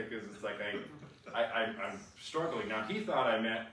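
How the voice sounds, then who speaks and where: Bright-voiced man telling a story in an echoey room. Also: lowish voice, lively intonation, moderate pace. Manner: restless, full of "like" and restarts, acts out quotes. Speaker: man sharing a personal testimony. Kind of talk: animated personal storytelling. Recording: echoey room, far from the mic, faint noise.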